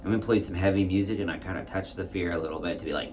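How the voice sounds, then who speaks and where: A man's voice: low-pitched, fast talker, hardly any pauses, a bit bright, a little hiss or hum. A man casually telling a candid, reflective personal story and acting out his own past thoughts. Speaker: spiritual content creator.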